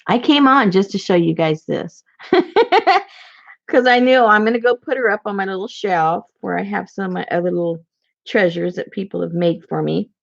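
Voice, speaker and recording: A woman's voice: mid-range voice, lively intonation, normal speed, vocal fry, lo-fi sound. A woman chatting casually in a vlog, giggly and rambling as she shows off handmade gifts. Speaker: crafter showing handmade gifts.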